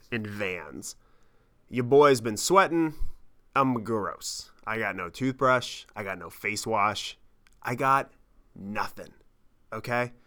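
Bright-voiced profane podcast storyteller man. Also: lowish voice. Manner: animated, profane, self-mocking storytelling. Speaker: podcast host. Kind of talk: casual storytelling monologue.

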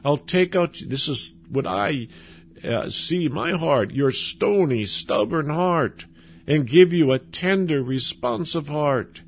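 A man from Minnesota preaching a sermon in a conversational way, pausing and restarting, now and then chuckling. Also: fairly high pitch, expressive, slight background noise. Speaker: pastor.

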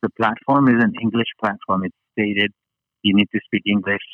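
A man's voice: fairly low pitch, fairly even intonation, moderate pace, no room sound, narrow, tinny audio. A man from Hawaii, a guest chatting casually and rambling with many fillers and restarts. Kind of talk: casual interview chat.

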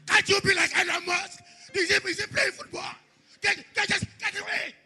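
A man playing a hot-tempered, stingy father who shouts and scolds in a church drama skit. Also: extremely high pitch, fairly even intonation, moderate pace, heavily acted. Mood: scolding. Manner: loud scolding, exasperated shouting. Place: church stage.

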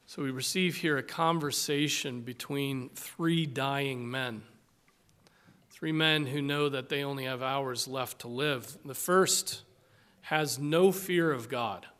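A male preacher delivering a sermon, reading scripture slowly and deliberately with dramatic, emphatic swells. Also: mid-range voice, fairly bright tone, smooth.

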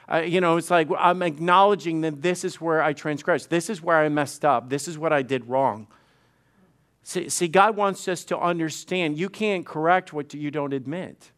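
A man's voice: fairly high pitch, normal speed, a bit bright. A middle-aged male pastor preaching conversationally, often repeating words and acting out quoted dialogue. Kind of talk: sermon.

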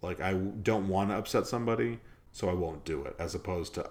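Low-voiced man hosting a casual podcast. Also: brisk, darkish tone. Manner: rambling, many fillers and restarts. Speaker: podcast host. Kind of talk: casual chat.

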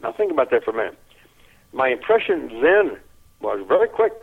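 An older man telling a lively anecdote in an interview, chuckling often and repeating his words as he goes. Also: mid-range voice, brisk, creaky, husky. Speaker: interview guest. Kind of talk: anecdotal storytelling. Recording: tinny phone-like line.

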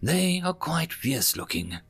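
A high, fluttering voice for a fretful, doting alien mother who fusses over her son, as a male narrator puts her on. Her lines rise well above his plain tone and bounce with an anxious, affectionate lilt. She sounds like a fussy older woman in an audiobook reading of a space story. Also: sing-song, slow, gravelly, a bit bright, breathy edge, heavily acted.

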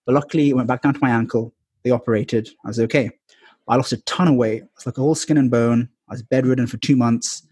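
A man with a husky, slightly breathy voice tells his personal story as a podcast guest. He rambles candidly, filling pauses with ums and likes. The sound is dry and close. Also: mid-range voice, steady tone, darkish tone, no room sound. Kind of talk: casual storytelling interview.

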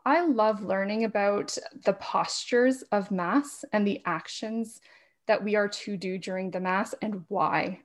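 A woman who is a podcast guest in a casual interview, talking fast and laughing often. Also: medium pitch, darkish tone. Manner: talks fast with frequent laughs.

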